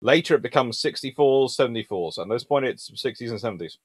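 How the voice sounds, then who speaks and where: This fast-talking man, medium in pitch and recorded dry, runs a laid-back history livestream. He lists ships in a sing-song cadence, keeps things lively and chatty, and responds to viewer chat.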